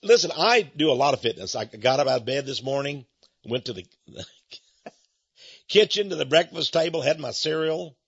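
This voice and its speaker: A man's voice: on the high side, animated, normal speed, long pauses, fairly bright tone, husky, no room sound, muffled recording. A middle-aged man hosting a rambling talk-radio monologue in a folksy, confiding way, chuckling between points.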